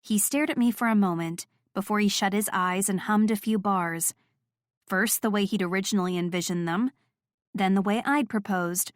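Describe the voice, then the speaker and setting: A woman narrating a first-person romance audiobook in a steady, clear storytelling voice. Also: mid-range voice, moderate pace, no echo, studio quality.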